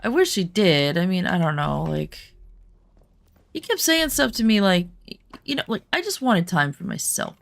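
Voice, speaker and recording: A woman talks casually while playing a game, drifting from quiet murmurs into chatty, rambling stories. Her voice sits low with a gravelly, fry-laced edge. The sound is close and dry, with no room around it. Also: sing-song, moderate pace, no echo. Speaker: gaming streamer. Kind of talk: casual chat while gaming.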